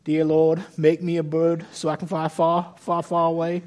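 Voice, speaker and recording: Man's quick put-on of a pleading young woman film character, high voice. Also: completely flat delivery, darkish tone, close to an everyday voice. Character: young woman praying to fly away, from a film.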